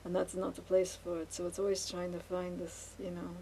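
A woman talks to her camera while painting, her voice dark and mellow with a gravelly edge. She rambles and muses, stumbling through fillers and restarts in a fairly flat tone. A faint hiss sits under the recording. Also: fairly low pitch, poor audio. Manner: halting, many fillers and restarts, musing. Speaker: vlogger.

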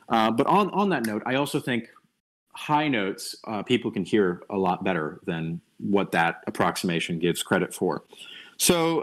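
Young man, lower pitch, relaxed online lecturer; halting, restarts often, opinionated. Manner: thinking aloud, many restarts and ums, opinionated asides. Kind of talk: casual online lecture over voice chat. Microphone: computer mic on a voice call.

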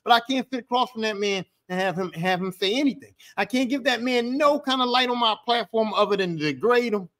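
A man's voice: sits high, a bit bright. A man hosting a podcast alone, ranting in a heated, profane, repetitive way. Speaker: podcast host. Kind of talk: angry solo podcast rant.

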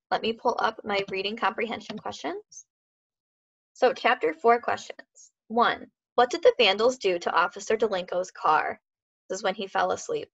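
A woman teacher reading a novel aloud to students, giving the characters' dialogue lively voices, then asking comprehension questions. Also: medium pitch, highs cut off. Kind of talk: classroom read-aloud.

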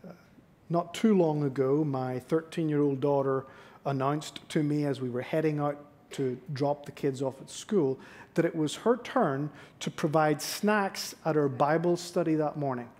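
A man's voice: on the high side, unhurried, a little mellow. Self-deprecating middle-aged man preaching. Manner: self-deprecating storyteller, confessional. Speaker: guest preacher. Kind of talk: sermon with personal stories. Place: church sanctuary.

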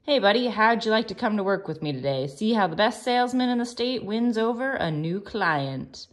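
A woman's voice: medium pitch, expressive, moderate pace, voice pushed up, natural voice. A woman reading aloud as a teasing, boastful middle-aged salesman in a storybook. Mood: upbeat. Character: cheerful middle-aged salesman, proud and joking.

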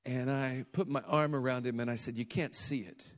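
A man preaching a sermon as a lively story, acting out the people in it with sudden shouts and stretched-out words. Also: mid-range voice. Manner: animated, acts out voices with shouts and drawn-out words. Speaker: guest preacher.

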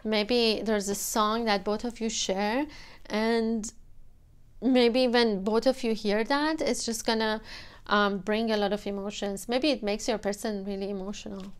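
A woman giving a tarot reading to camera, gentle and emotional, with many fillers. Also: mid-range voice, steady tone, a little slow, clean tone. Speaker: tarot reader.

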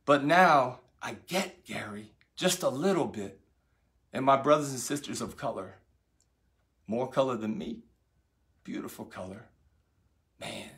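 A middle-aged man giving an impassioned motivational talk, preacher-like, repeating phrases and swinging from loud pleas to hushed words. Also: mid-range voice. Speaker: speaker.

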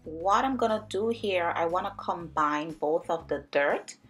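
A woman's voice: on the low side, measured pace, over music. A woman narrating a home plant vlog in a cheerful, chatty, enthusiastic way. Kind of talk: casual voice-over vlog narration.

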